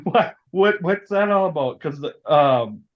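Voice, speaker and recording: A man's voice: fairly high pitch, expressive, a little slow. A man co-hosting a podcast, joking and teasing the others in casual chat. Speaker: podcast co-host. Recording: dull lo-fi sound.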